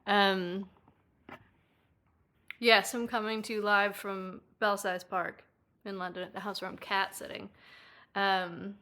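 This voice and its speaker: A woman's voice: flat delivery, measured pace, pauses often, bright, forceful tone. A young woman streaming live from a house with a headphone mic, chatting playfully with her viewers. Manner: chatty and playful, breaks into high baby talk with a cat. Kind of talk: casual live-stream chat. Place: indoors at a house, talking to a live chat.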